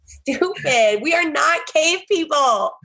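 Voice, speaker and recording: A woman in her thirties from the American South, a podcast guest telling animated, exasperated stories with laughter. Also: high voice, slow. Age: 30s. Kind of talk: casual storytelling chat.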